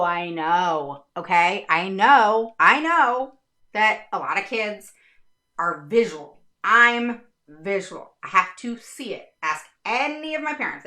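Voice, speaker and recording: A middle-aged woman explaining reading instruction to parents in a casual, animated talk, often checking in with "all right?". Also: medium pitch. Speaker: special education advocate.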